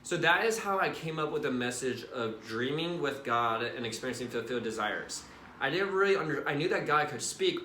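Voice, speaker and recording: A young man shares a personal testimony in a casual, lively way, talking straight to his viewers. His voice is bright and clear, at a middle pitch. The sound carries a noticeable room echo. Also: slight background noise. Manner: casual and animated, addresses viewers directly with "right?" and "you guys". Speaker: Christian vlogger.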